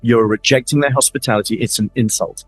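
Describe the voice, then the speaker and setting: A middle-aged man with a Middle Eastern accent talks with animation, acting out the lines he quotes and repeating words as he builds a point. His pitch sits mid-range, and the close mic keeps the sound dry with faint music underneath. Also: steady tone, quick pace, husky, dry recording. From Middle East. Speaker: interview guest, family office advisor. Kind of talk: conversational fireside chat.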